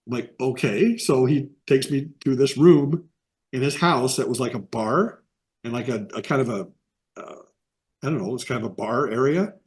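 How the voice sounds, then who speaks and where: A man's voice: medium pitch, normal speed. A middle-aged man from the American Midwest, telling rambling anecdotes in a casual interview over a video call. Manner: rambling anecdotes with quoted voices. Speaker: interview guest, animation artist.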